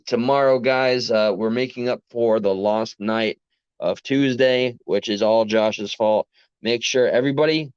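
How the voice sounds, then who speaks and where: Tired from a long workday, a livestream host with a New York accent rambles earnestly to his chat deep into the night, often interrupting himself mid-rant. His mid-range voice comes across on a dry, dull, lo-fi recording.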